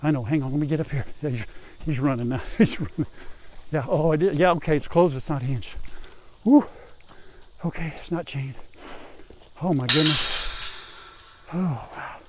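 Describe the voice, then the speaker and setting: A man's voice: normal speed, long pauses, a little mellow, slight background noise. An older man vlogging outdoors on his farm, chatting casually to viewers while he works around an animal pen. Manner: folksy, chatty, calls out to animals in a high coaxing voice. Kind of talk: casual farm vlog, talking to camera while working.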